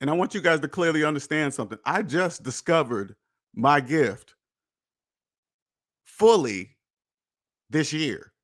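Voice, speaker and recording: A man hosting a personal finance podcast in an emphatic, preachy monologue, repeating points and swearing, swinging between loud jabs and low muttered asides. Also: animated, a little slow, pauses often. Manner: emphatic, preachy, repetitive, with profanity. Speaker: podcast host.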